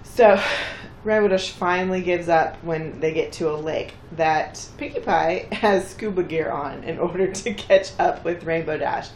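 A woman's voice: unhurried, darkish tone, a little hiss or hum. Chatty woman co-host, echoey room. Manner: chatty, acts out characters' lines with bursts of pitch. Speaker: podcast co-host recapping an episode. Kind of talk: casual chat.

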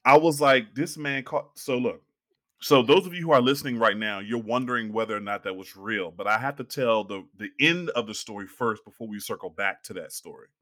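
A young man telling a long story in casual podcast chat, animated and acting out the people he quotes. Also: medium pitch, fairly quick.

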